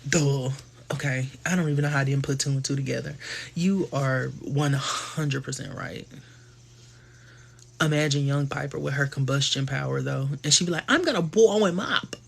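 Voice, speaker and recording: A man hosting a casual live stream, animated and gossipy, who tosses slang and quick asides into his stories. His voice is husky and sits at an ordinary middle pitch. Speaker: livestream host.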